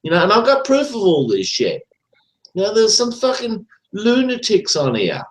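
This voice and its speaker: A man's voice: sits high, huge pitch swings, moderate pace. A man hosting a live chat stream, ranting in a rambling, profane, repetitive way. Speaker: livestream host. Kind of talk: ranting casual talk. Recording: roomy echo.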